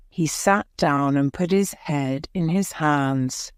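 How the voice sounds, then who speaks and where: A woman narrating a graded-reader story for English learners, reading slowly and carefully. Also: low voice, dry recording, studio quality. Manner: slow, careful, clear reading. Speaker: audiobook narrator.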